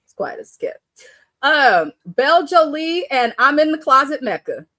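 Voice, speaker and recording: A woman's voice: sits high, sing-song, measured pace, sharp tone, no echo. A woman hosting a casual live stream, talking bluntly and animatedly with frequent cursing and laughter. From Bay Area. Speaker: live show host.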